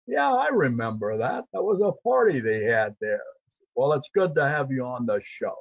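An older man doing an impression of a famous Western film star, drawing out his words slowly over a dull lo-fi line. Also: medium pitch, very animated, vocal fry, slightly rough, no room sound, full character voice. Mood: gruff friendly. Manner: slow, drawn-out delivery.

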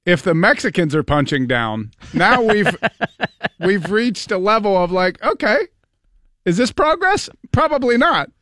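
Sardonic male radio co-host, high bright voice, close dry studio mic. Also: big pitch swings, measured pace, no echo. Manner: sardonic, joking. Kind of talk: casual radio banter. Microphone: studio microphone.

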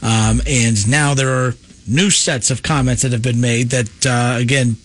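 A man hosting a sports radio show, moving briskly between segments in an upbeat, announcer-like way. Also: mid-range voice, steady tone. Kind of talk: radio host segue.

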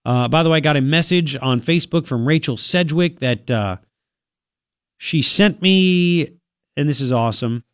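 A man's voice: on the high side, moderate pace, clean tone, no room sound. A man hosting a radio talk show in a studio, chatty and sarcastic, sniffling from a cold. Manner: sarcastic, chatty, reads news aloud with asides. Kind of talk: casual talk radio commentary. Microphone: studio microphone.

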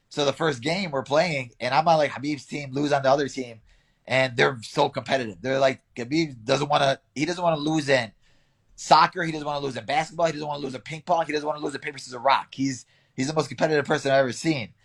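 A young man in a relaxed interview, talking through his training and stories with easy laughs. His voice sits at an ordinary middle pitch. He slips into quick impressions of people as he tells it. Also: creaky. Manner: relaxed, laughs often, storytelling with acted quotes. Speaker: interviewed fighter. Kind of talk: casual interview answers.

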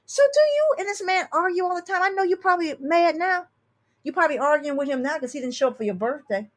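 A woman's voice: very high voice, lively intonation, fast. A woman astrologer hosting a show, reading listener emails and giving blunt, sassy advice with emphatic repeats. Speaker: astrologer and tarot reader host.

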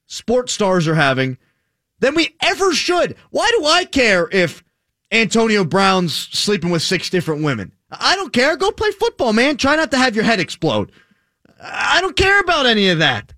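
An American man hosts a casual chat in a high, very lively voice. His tone is bright and forceful, and he argues in an animated, opinionated way. The recording is dry and close. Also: moderate pace, dry recording. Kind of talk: casual talk-show chat.

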